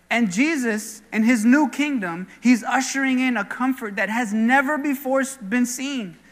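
A man's voice: very high-pitched, sharp tone, big-room sound. A man preaching a sermon as pastor, speaking earnestly and conversationally and weaving in personal stories. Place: church sanctuary.

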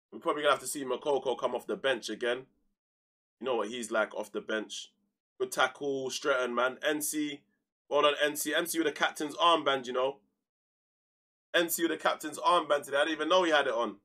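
A young man streaming a football manager game, talking in a loose, slang-heavy stream of chatter. His mid-pitched voice swings between loud, exasperated yelling at his players and low, grumbling asides. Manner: heated, slangy, shouts at players then mutters. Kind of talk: casual live game commentary.

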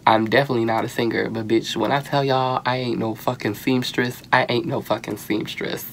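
A young man giving casual, sassy and profane commentary on a reality show, animated and quick to exclaim. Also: medium pitch, slight background noise. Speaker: reality TV reviewer.

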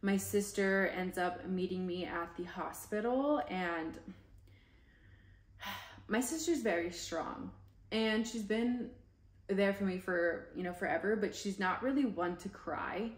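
A woman's voice: medium pitch, slow. A woman candidly telling a raw personal story on a podcast, talking casually and openly with lots of everyday fillers. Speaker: podcast host. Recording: echoey room.

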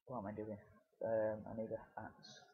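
A man's voice: fairly low pitch, monotone, normal speed, husky, highs cut off. A British man giving casual gameplay commentary, rambling with many fillers and restarts. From United Kingdom. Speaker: gaming video creator.

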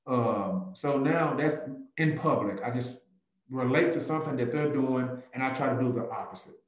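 A man, a real estate agent speaking as a guest on a video call, who tells stories lively and acts out little conversations. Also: moderate pace, reverberant, poor audio. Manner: animated, jumps into a higher voice to act out chats. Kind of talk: lively talk with acted-out dialogues.

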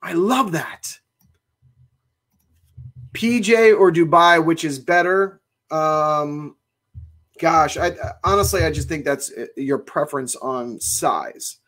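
Upbeat, fairly high-voiced cigar shop host. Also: male voice, takes it slowly, pauses often, fairly bright tone. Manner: chatty and enthusiastic, exclaims often. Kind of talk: casual livestream chat reading viewer comments.

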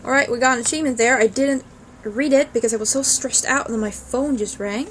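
A woman's voice: fairly high pitch, fast talker, a bit bright, slight background noise. A woman hosting a gaming video, chatting playfully and exclaiming at objects she finds, over game music. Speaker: let's play host. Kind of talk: gaming commentary.

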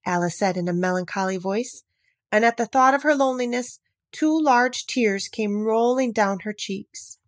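A woman reading a classic children's storybook aloud with expressive, animated narration. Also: mid-range voice, moderate pace, no echo, studio quality. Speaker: audiobook narrator.

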